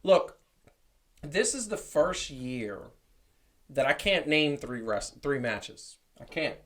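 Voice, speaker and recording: A man's voice: on the high side, sing-song, slow, fairly bright tone. A man co-hosting a podcast who talks emphatically and repeats himself, in casual chat. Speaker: podcast co-host.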